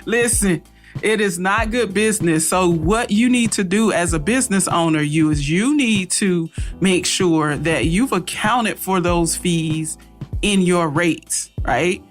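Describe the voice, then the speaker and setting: A woman's voice: on the low side, a little slow, soft background music. A woman co-hosting a business podcast, giving firm, practical advice in a casual tone and laughing easily. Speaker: podcast co-host.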